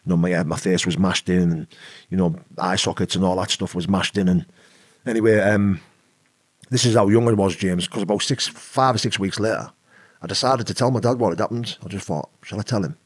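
As a podcast guest, a British adult with an eleven-year-old son wanders through a personal anecdote in a casual way, peppering it with "you know what I mean." He speaks fairly quickly in a low, breathy-edged voice with fairly even intonation, and no room sound.

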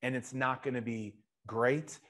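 A man hosting a live interview show, energetic, often restarting and speaking to the chat audience. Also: mid-range voice, measured pace. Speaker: show host.

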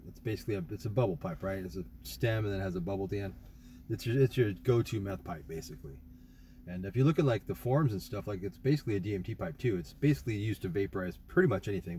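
A man's voice: lowish voice, mellow, slight background noise. A young man casually rambling through a trip report, swearing often and full of fillers and restarts. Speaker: vlogger.

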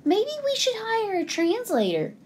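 Lady doing tiny fussy hotel mice, squeaky and chirpy, zippy little voices. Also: huge pitch swings, unhurried, a little mellow, full character voice.

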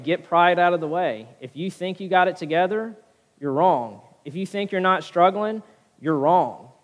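A man's voice: a little high, big-room sound. A man preaching a sermon as pastor, often checking in with his listeners with a "right?". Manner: preaching with frequent "right?" tag questions. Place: church sanctuary.

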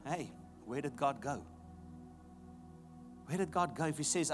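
A man preaches a sermon, driving his points home by repeating them. His voice sits a little high for a man. Faint music plays quietly in the background. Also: lively intonation, measured pace, pauses often. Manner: emphatic, repeats key phrases. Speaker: pastor.

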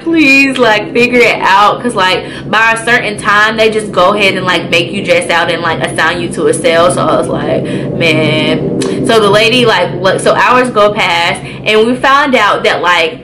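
A young woman vlogger telling a casual storytime, animated and profane, acting out her own reactions. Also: medium pitch, normal speed, hardly any pauses, noisy background. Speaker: beauty vlogger.

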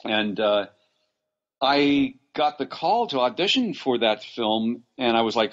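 A man's voice: mid-range voice, expressive, measured pace. Guy from LA rambling through old acting stories, lots of restarts, kinda muffled audio. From Los Angeles, USA. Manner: rambling, many restarts and fillers, laughs often. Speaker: actor, podcast guest. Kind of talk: casual interview storytelling.

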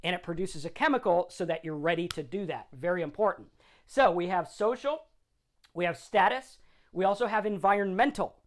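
A middle-aged man gives an informal motivational talk about recovery from drinking. He speaks conversationally and often ends a point with a quick "right?" to check in with the listener. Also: high-pitched. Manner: conversational, tags lines with "right?". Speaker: sobriety talk host.

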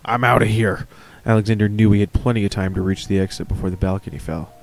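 A man's voice: low voice, fairly even intonation, very fast, gravelly, dark tone. A man reading a horror story aloud, with casual, chatty asides. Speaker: reader of stories.

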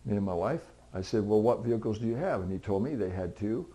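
A middle-aged man preaching a sermon in a conversational, storytelling way. He acts out the people in his stories, and now and then he breaks into loud, high, pleading bursts to drive a point home. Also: lively intonation, fast. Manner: conversational storytelling, voicing other people in dialogue; swings to loud, high, pleading outbursts for emphasis. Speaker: pastor.

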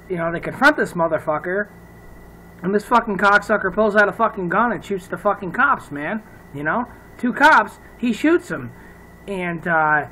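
A man's voice: high-pitched, pushed and bright, a little hiss or hum, rough recording. A man from upstate New York ranting on his own vlog, swearing freely and laughing at his own jokes. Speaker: vlogger.

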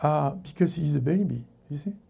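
A man preaching a sermon as pastor to a congregation in church, halting and often correcting himself mid-sentence. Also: a little high, animated, vocal fry, warm tone, husky. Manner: halting, self-correcting preaching with many restarts. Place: church service before a congregation.

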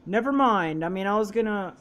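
A young woman chats her way through a football video game, teasing her sister and laughing often. She talks casually at a mid pitch, tripping over repeated words when she gets distracted. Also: lively intonation, a little fast. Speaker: gaming channel host. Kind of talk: casual gameplay chat.

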